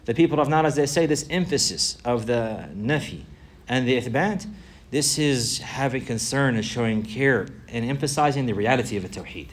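A man teaching a religious lesson, repeating key phrases for emphasis and reciting Arabic phrases quickly. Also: mid-range voice. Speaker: Islamic teacher.

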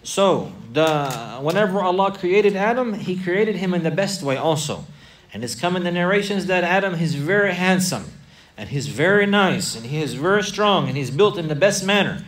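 A man leads a faith lesson for children, firing questions and repeating answers back to them. His voice sits fairly high. It sounds picked up from a distance in the room. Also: normal speed. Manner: asks and repeats questions, animated, builds lists. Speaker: religious teacher of children. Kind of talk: Islamic lesson for kids with questions.

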